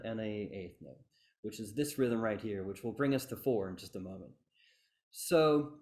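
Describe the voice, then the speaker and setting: A man's voice: mid-range voice, darkish tone. A man teaching fife rhythms in an online workshop, chanting rhythm syllables and encouraging his students over a video call. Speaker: fife instructor. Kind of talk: online music workshop lesson.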